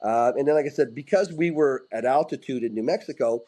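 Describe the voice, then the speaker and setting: Guesting on a casual interview, a middle-aged ex-hockey player spins rowdy tales animatedly, often restarting his sentences and swearing casually. He talks briskly in a mid-range voice over a rough recording.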